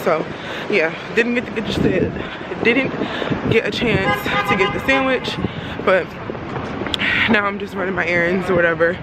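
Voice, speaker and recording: A woman's voice: medium pitch, moderate pace, long pauses. A young woman vlogging casually, chatty and often laughing as she tells a story. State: out of breath at times. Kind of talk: casual vlog chat. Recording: loud street noise behind.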